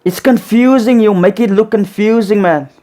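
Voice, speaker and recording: A reaction video host with a high, warm voice gives casual commentary on a show at a moderate pace. He repeats his points again and again and adds "man" to nearly every sentence.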